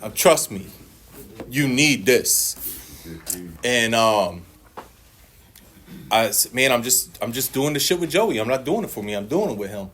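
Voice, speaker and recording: A man's voice: medium pitch, expressive, unhurried, pauses often, a bit bright, slight background noise. Profane man telling his recovery story. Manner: blunt, profane storytelling with quoted dialogue. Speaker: recovery meeting speaker. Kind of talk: personal testimony at a meeting.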